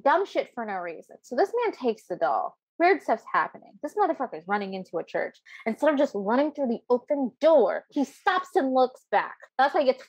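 A woman's voice: sits high, sing-song, fairly quick, hardly any pauses, breathy edge, no echo. Profane, heated woman ranting on a podcast. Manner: profane, heated, emphatic complaining. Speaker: podcast co-host. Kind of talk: casual ranting film review chat.

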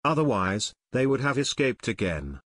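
A man's voice: medium pitch, very animated, normal speed, a bit bright, no room sound. A man voicing an angry, nervous male crook who snarls curt orders, in an audiobook reading. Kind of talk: audiobook narration.

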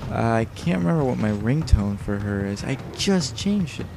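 A man's voice: medium pitch, lively intonation, moderate pace, vocal fry, music in the background. A tired man giving casual, rambling commentary over a video game, joking and swearing often. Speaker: let's play host.

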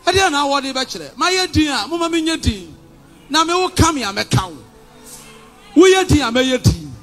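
A man with a Ghanaian accent preaching a fiery, defiant sermon, shouting and mixing Twi and English. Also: very high voice, big pitch swings, moderate pace, soft background music. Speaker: pastor.

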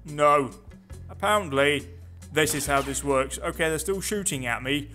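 A man's voice: a little high, moderate pace, bright, forceful tone, soft background music. A man giving casual, sarcastic commentary while playing a video game, talking to himself. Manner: chatty, sarcastic, muttering to himself. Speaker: gameplay commentator. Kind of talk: casual let's play commentary.

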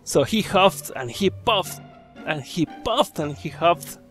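A male storyteller with a high voice reads a children's tale aloud. His delivery swings up and down with lively pitch, and he often stops to joke with his listeners, over faint music. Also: slow. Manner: chatty, joking asides to listeners.

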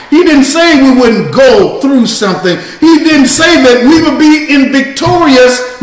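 A man preaching a sermon as pastor, in a slow cadence that climbs into shouts. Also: extremely high pitch, roomy sound. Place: church sanctuary.

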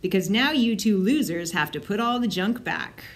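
A woman voicing a cocky young boy, the youngest brother, who talks in an excited, boastful way. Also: mid-range voice, normal speed, natural voice.

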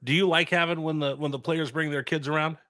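A man's voice: fairly high pitch, fairly even intonation, fast talker, sharp tone. A man co-hosting a podcast, asking interview questions in a conversational way. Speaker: podcast co-host.

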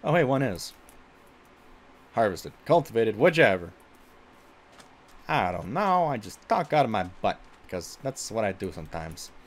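A man's voice: fairly low pitch, sing-song, normal speed, long pauses. A male streamer chatting casually while he plays a game, exclaiming at it and saying he gets stuck in a put-on voice. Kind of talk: casual gameplay chat.

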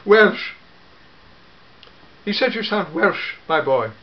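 A man voicing an elderly, fussy, grandfatherly time-travelling gentleman in a fan audio drama, full of hmms and eh?s. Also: high-pitched, muffled recording, exaggerated voice. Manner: fussy, hesitant, peppered with hmms and eh?s.

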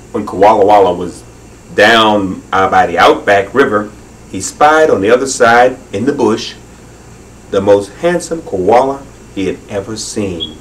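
A man's voice: lowish voice, a little hiss or hum. A man reading a children's story aloud in a leisurely way, drawing out his phrases, heard from a distance. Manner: unhurried, with leisurely drawn-out phrasing.

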